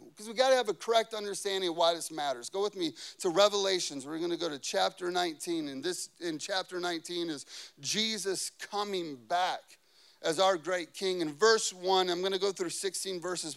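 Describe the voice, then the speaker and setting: A man with a notably high voice preaches a sermon. He tells a quiet personal story, then reads scripture aloud with rising, emphatic force, pressing on key words. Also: moderate pace, vocal fry, clear, resonant tone. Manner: swings from quiet anecdote to loud emphatic scripture reading. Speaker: pastor.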